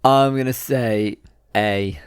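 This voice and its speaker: A man's voice: lowish voice, takes it slowly, clean tone, dry recording. A young man guessing answers on a casual podcast quiz, laid-back and cracking dry jokes. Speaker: podcast co-host and quiz contestant.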